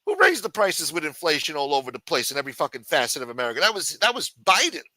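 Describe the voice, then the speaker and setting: A man's voice: a little high, wildly swooping pitch, quick pace, pushed and bright, dry recording. A man ranting angrily and profanely as a podcast host. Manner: angry, profane, combative. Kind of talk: profane political rant.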